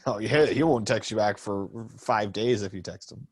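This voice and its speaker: A man's voice: lowish voice, moderate pace, slightly rough, dry recording. A man co-hosting a podcast, answering with short, teasing reactions. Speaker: podcast co-host. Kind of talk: casual chat.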